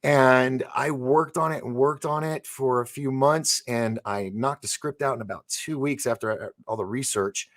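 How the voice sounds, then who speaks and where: A man's voice: medium pitch, moderate pace, hardly any pauses. A man hosting a live interview show, telling long stories in casual chat with frequent laughs and restarts. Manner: animated storyteller, laughs and restarts often. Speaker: show host.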